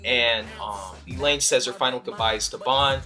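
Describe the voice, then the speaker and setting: Excitable young man rambling, bright voice. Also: medium pitch, moderate pace, soft background music. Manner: excitable, rambling, many fillers and restarts. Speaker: anime reviewer. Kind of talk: casual video review.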